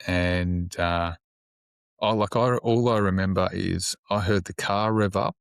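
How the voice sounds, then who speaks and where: Cop guy on a podcast, real deep voice, pretty monotone, blunt and swears a lot, dry close mic. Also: measured pace, creaky, clean tone, dry recording. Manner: plain-spoken, sombre, swears freely. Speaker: police officer guest. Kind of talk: casual interview storytelling.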